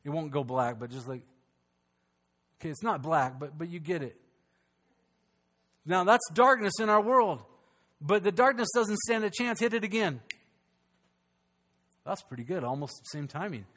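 A man with a fairly high voice preaching a sermon to his congregation in a church. He builds to loud, emphatic peaks and then drops to hushed, quiet lines. It sounds live, through a stage mic. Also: lively intonation, normal speed, pauses often. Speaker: pastor. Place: church during a service.

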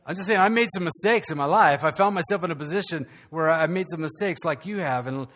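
High-voiced pastor preaching. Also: male voice, fast talker, big-room sound. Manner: lively, joking asides to the congregation. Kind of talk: sermon. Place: church sanctuary.

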